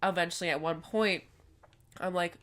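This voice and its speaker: A woman's voice: on the low side, fairly even intonation, normal speed, a bit bright. A young woman co-hosting a podcast, telling a story in a chatty way, with lots of fillers and some swearing. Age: young adult. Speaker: podcast co-host. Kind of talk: casual chat.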